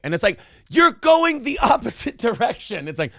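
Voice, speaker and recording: A man hosting a casual morning show, talking in a profane, jokey and animated way. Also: extremely high pitch, normal speed, no echo, studio quality. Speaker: host. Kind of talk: casual podcast chat.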